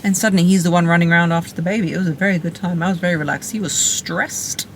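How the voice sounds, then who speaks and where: A woman's voice: on the low side, steady tone, fast, slight background noise. Emphatic, playful woman giving blunt advice. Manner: emphatic, playful and blunt, with repeated punchy phrases. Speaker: relationship coach. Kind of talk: direct-to-camera advice talk.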